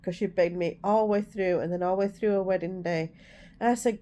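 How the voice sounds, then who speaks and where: A woman's voice: mid-range voice, steady tone, brisk, warm tone. A woman talking frankly and from the heart in a personal vlog, retelling what happened to her and what she said at the time. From Yorkshire, England. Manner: frank and heartfelt, retelling her own past words with heat. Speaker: vlogger. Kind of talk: candid personal storytelling vlog.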